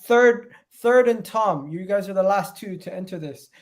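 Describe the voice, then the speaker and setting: A man hosting a casual football chat show, reading out viewers' predictions in an animated way. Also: sits high, moderate pace. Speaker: podcast host.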